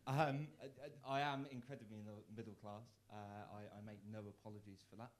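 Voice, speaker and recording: Quick-paced and fairly low-pitched, this young Worcester, England comic does live stand-up at a comedy club amid slight background noise. He mocks himself, restarts with stammers and fires off sudden loud punchlines.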